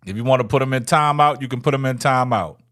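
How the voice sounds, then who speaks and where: Fairly bright and medium-pitched, this man talks quickly as he hosts an easygoing livestream and responds to the chat. He mocks his viewers, repeats himself, and drops "man" at the end of many phrases.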